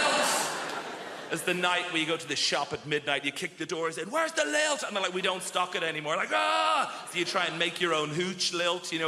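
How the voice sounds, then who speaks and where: A man doing a stand-up comedy set on a theatre stage, animated and shouting his punchlines. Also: on the high side, very noisy. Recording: echoey theatre with loud crowd laughter.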